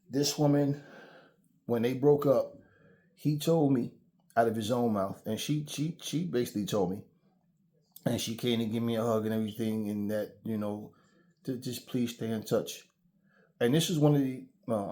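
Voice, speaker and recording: A man's voice: medium pitch, warm tone. A man hosting his own channel, giving a blunt, profane, preachy monologue about relationships and telling stories. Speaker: channel host. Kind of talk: casual ranting monologue.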